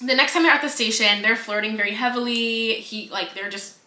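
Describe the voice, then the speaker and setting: A woman with a bright, fairly high voice co-hosts a casual book podcast. She retells scenes with animated, acted-out quotes and frequent swearing. The room around her is echoey. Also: brisk. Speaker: podcast co-host. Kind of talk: casual book review chat.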